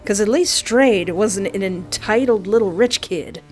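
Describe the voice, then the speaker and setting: Give me an excitable woman reading a horror game aloud, mid pitch. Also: a little slow, soft background music. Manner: excitable, yelling reactions. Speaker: game streamer. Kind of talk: reading a visual novel aloud with reactions.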